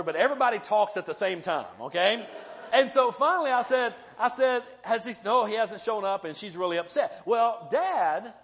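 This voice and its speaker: A male pastor giving a sermon, telling stories in a lively way and often checking in with the congregation with "right?" and "okay?". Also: sits high. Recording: dull sound with long hall reverb.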